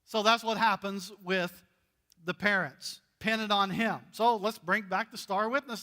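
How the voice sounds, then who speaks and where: A man's voice: sits high, steady tone, unhurried, bright, forceful tone. A male pastor giving a sermon in a church, conversational and playful, acting out the dialogue as he goes. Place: church sanctuary.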